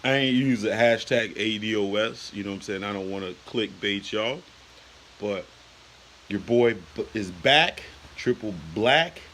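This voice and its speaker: A man's voice: fairly low pitch, measured pace, a bit bright, slight background noise, rough recording. A man in his late thirties ranting on a casual vlog, heated and repetitive, with lots of "you know" and "man.". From United States. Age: 30s. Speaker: YouTuber.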